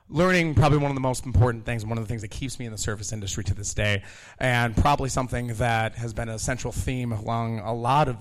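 An animated man in his thirties tells a story live, laughing often and acting out the voices of the people in it. His voice sits at an everyday middle pitch. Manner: animated, laughing, acts out quotes. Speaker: storyteller, kitchen manager.

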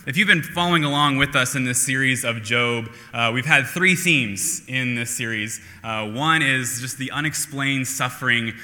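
Bright-voiced preacher in a reverberant hall. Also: male voice, medium pitch. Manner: self-deprecating, conversational with many fillers. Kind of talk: sermon. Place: church sanctuary.

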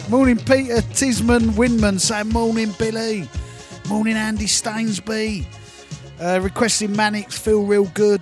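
A man hosting a live radio show, reading out shout-outs in a cheeky, rambling way and singing along now and then. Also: high-pitched. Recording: music playing behind the voice. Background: music.

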